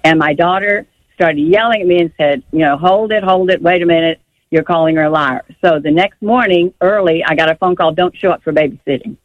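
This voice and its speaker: A woman's voice: fairly low pitch, brisk, no echo, phone-quality sound. An older woman calling in to a radio show, telling a long story in an emotional, rambling way. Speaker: caller. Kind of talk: phone-in call to a radio show.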